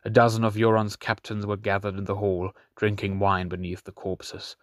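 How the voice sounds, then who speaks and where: A man narrating a fantasy audiobook in a steady, measured storytelling manner. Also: fairly low pitch, dry recording, studio quality.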